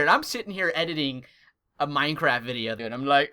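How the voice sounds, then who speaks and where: A young man hosting a vlog, telling a funny story in an animated, comic way. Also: a little high, brisk. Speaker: gaming channel host.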